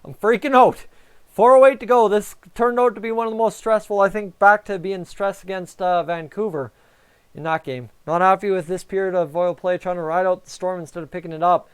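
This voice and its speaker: Young man, high and smooth voice, jittery fan reacting live to a game. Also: fairly quick. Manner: nervous, excitable, talks to chat. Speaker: fan streamer.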